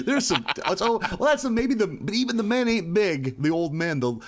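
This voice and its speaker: A man's voice: high voice, big pitch swings, normal speed. A man co-hosting a podcast, chatting casually, laughing often and riffing with jokey put-on voices. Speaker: podcast co-host. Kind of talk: casual chat.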